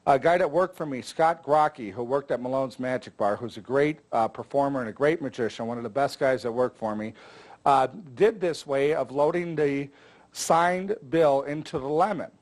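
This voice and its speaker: A man's voice: medium pitch, moderate pace. An older man explaining magic tricks in a chatty, jokey way, with frequent filler words. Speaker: magic instructor. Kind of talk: casual instructional talk.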